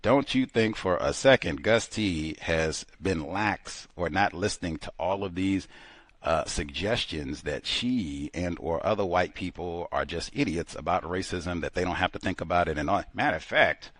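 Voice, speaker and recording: A man hosting a talk show, interrupting his guest and pressing his questions with slow, emphatic delivery. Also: low-pitched, animated, a bit bright, no room sound. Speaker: radio show host.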